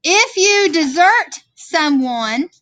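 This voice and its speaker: A woman's voice: very high-pitched, animated, extremely slow, fairly bright tone, no room sound. A woman teaching a vocabulary lesson, patiently explaining words and checking in with "okay?". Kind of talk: classroom worksheet lesson. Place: classroom screen recording.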